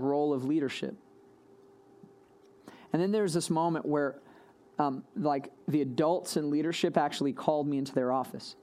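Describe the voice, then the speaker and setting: A man's voice: on the high side, darkish tone, smooth. Young guy pastor telling a story in his sermon, laid-back and chatty. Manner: storytelling, acts out dialogue.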